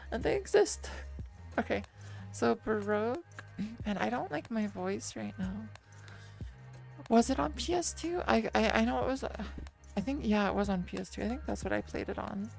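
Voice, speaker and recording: Woman with a gravelly, rambly voice. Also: a little high, expressive, moderate pace, pauses often, a little mellow, soft background music. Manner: rambly, self-correcting, chatty with viewers. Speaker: streamer. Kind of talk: rambling casual stream chat. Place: lying down while streaming.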